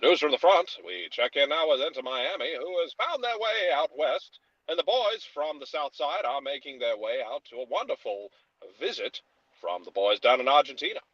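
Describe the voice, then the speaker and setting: Grandiose old-timey newsreel announcer, put on by a man; patriotic, booming, lo-fi. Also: lively intonation, normal speed, fairly bright tone, no echo. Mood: rousing.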